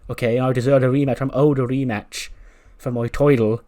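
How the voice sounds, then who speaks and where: A man's voice: mid-range voice, steady tone, a little fast, mellow, lightly acted. A man voicing a proud male wrestler who speaks in an aggrieved, condescending way while narrating a wrestling sim playthrough. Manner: aggrieved, condescending, says fella.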